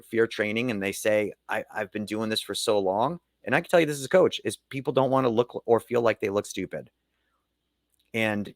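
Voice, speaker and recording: Middle-aged male coach, low voice, earnest motivational delivery, dry close sound. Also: dry recording. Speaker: leadership coach and keynote speaker. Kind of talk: podcast interview.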